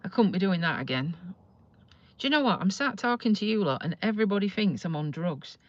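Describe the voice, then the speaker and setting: A woman's voice: mid-range voice, lively intonation, brisk, highs cut off. A woman, chatting and grumbling to viewers on a phone livestream from a parked car, with some mild swearing. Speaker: vlogger doing a phone livestream. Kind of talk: casual ranting chat to viewers. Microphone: phone held in front of her.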